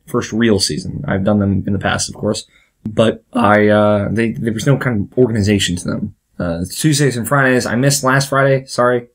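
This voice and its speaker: A young American man hosting a casual talk vlog, rambling and interrupting himself with little laughs. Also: lowish voice. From United States. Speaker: vlog host.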